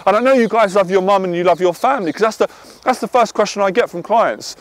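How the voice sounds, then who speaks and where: A man coaching on dating, talking intensely, swearing and then calming himself down. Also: high voice, fast, hardly any pauses, no echo. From half Irish. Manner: intense, swears, swings from loud to quiet. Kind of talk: passionate monologue to camera.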